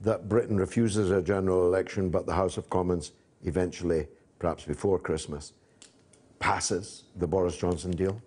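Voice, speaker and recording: A man with a fairly low voice hosts a political interview. He builds long, measured questions and fills the gaps with frequent "uh" pauses. His tone is steady and leading. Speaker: host.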